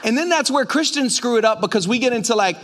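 A man's voice: very high-pitched, expressive, fast talker, a bit bright. A man preaching a conversational sermon as pastor, emphatic and full of repetitions. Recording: long hall reverb.

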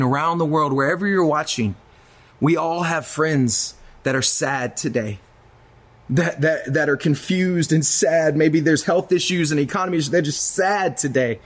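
A man preaching a sermon to viewers online, in a dramatic delivery that swings between loud urgency and a hushed voice. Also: a little high. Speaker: pastor.

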